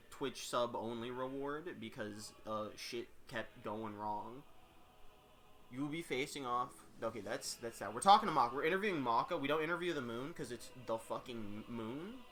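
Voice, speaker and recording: A man hosting a fighting-game tournament stream, chatting casually, rambling and swearing with quick laughs. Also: medium pitch, bright, forceful tone. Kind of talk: casual live-stream chat.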